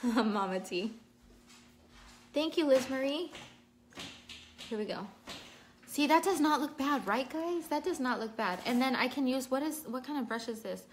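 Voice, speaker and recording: A woman's voice: high-pitched, expressive, a little slow, long pauses, slight background noise. A woman hosting a casual livestream makeup tutorial at home, chatting and reading out viewers' names while she works. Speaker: makeup vlogger.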